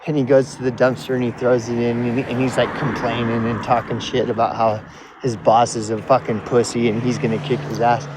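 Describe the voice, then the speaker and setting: A man with an Oklahoman accent telling a profane, excitable, rambling story outdoors. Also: medium pitch, brisk, noisy background. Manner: excitable, heavy swearing, rambling.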